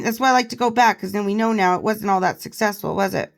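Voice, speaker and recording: A woman hosting a commentary channel, her voice hoarse and tired, reading articles aloud in a casual gossipy way and breaking off for quick asides. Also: medium pitch. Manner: gossipy, reads aloud with asides and small laughs.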